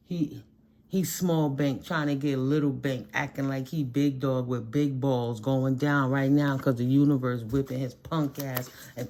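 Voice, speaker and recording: A woman's voice: rumbling low, a little mellow, slight background noise. A woman talking casually to her audience as a spiritual reader, blunt, profane and emphatic, laughing often. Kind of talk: casual monologue.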